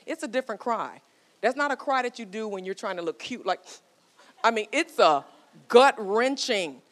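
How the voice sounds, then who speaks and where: A woman's voice: medium pitch, a bit bright. A woman in her forties giving a motivational talk, telling stories and coaxing the audience with questions. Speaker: marriage speaker.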